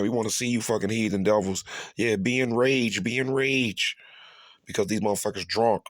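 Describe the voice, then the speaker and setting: A man's voice: medium pitch, dry recording. A man delivering a profane, ranting sermon, repeating himself and constantly asking his listeners if they see. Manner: profane, repetitive, keeps asking "you see?"; emphatic, drawn-out stresses. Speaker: preacher. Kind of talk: ranting street sermon commentary.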